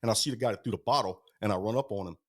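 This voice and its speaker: This is a rapid-fire man with a lowish voice, recorded in a podcast studio. He tumbles from one band anecdote to the next, peppering every sentence with swears. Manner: fast-talking, heavy swearing, rambling anecdotes. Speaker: guest musician. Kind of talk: casual storytelling.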